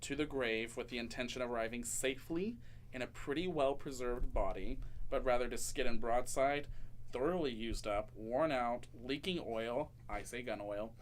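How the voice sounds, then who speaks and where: Chatty animated male talk show host. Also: medium pitch, normal speed, slight background noise. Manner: chatty and animated, laughs often, playful campy asides. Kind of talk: casual interview chat.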